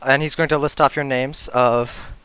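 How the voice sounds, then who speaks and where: A man's voice: mid-range voice, fairly even intonation, normal speed, pushed and bright, clear, resonant tone, dry recording. A man running a tabletop game as dungeon master, explaining steps patiently with fillers, his throat sore. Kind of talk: narrating a tabletop game over voice chat.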